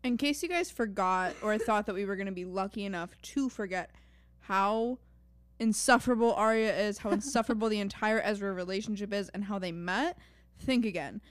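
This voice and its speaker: A woman's voice: medium pitch, fairly quick, clean tone, dry recording. A young woman co-hosting a podcast, recapping a show in casual chat with blunt, sarcastic jabs. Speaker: podcast co-host.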